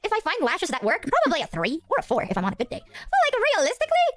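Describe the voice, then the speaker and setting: A woman's voice: high-pitched, big pitch swings, racing, a bit bright. A woman streamer ranting on a call with a friend, profane, exasperated and self-mocking. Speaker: VTuber streamer.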